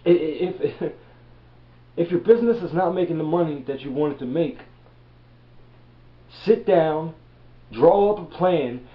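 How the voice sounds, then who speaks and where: Blunt, profane man ranting in an echoey room. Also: on the high side. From Baltimore, USA. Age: 30s. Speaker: reseller vlogger. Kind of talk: blunt motivational rant. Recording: echoey room, dull lo-fi audio.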